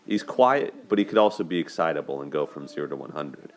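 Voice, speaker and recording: A young man with a deep, low-pitched voice hosts a solo commentary video. He talks earnestly and conversationally, often restarting and repeating words as he gathers his thoughts. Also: expressive, a little fast. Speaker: host discussing relationships.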